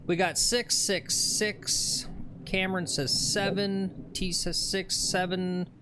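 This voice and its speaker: A man's voice: high-pitched, little pitch movement, slow pace. Man, co-host reading live chat, chatty and casual, light ambient noise. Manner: relays viewer comments chattily.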